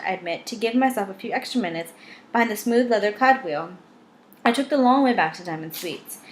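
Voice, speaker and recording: A woman's voice: mid-range voice, a little hiss or hum. A woman reading a novel aloud in first person, with a wry, dry delivery. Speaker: audiobook reader.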